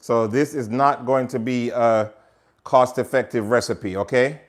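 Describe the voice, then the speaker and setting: A man with a Jamaican accent hosts a relaxed cooking demo from his home kitchen. He chats directly to his viewers as he works, in an easygoing, talkative manner. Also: medium pitch, measured pace. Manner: chatty, talks straight to viewers. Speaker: cooking show host. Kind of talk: casual cooking demonstration.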